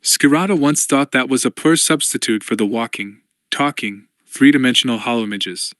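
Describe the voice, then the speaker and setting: Male audiobook narrator, steady, measured, dry booth sound, mid pitch. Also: no echo. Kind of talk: scripted narration.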